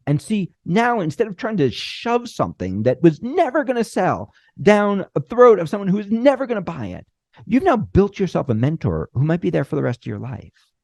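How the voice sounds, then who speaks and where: A middle-aged man teaches screenwriting in a lively, swooping voice with a gravelly edge. He leans on deliberate pauses and acts out little bits of dialogue. The sound is dry and close. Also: high voice, no echo. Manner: animated, uses deliberate pauses and acted-out dialogue. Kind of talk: instructional talk.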